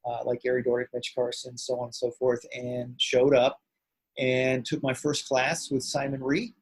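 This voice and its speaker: A middle-aged man, a martial arts grand master and actor, telling stories in an animated, rambling way as an interview guest. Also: mid-range voice, normal speed, breathy edge, dry recording, low-quality recording. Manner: animated, rambling, swings loud and soft. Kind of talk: casual storytelling interview.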